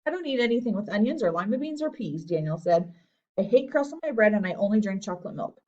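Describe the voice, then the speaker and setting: A woman voicing a fussy six-year-old boy who whines in a high voice, in a storybook reading. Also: lively intonation, fast, a little mellow, recorded from a distance, muffled recording, close to an everyday voice. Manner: whiny, pitched up high.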